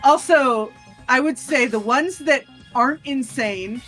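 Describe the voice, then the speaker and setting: A woman streaming a video game, chatting casually with a co-host and tossing out quick asides. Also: high voice, fairly bright tone, faint music behind. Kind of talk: casual gaming banter.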